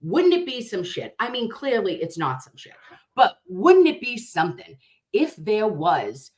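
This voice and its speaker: A woman hosts a casual livestream, talking straight to her viewers. Her storytelling is rambling, animated and full of swearing. She sounds loose and unscripted. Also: medium pitch, measured pace. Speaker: livestream host.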